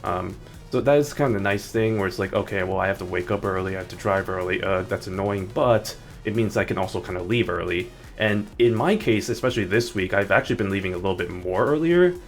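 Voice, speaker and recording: A man's voice: deep voice, quick pace, gravelly. A man streaming a game, chatting casually in a rambling way with many restarts. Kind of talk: casual gaming stream chat. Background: faint background music.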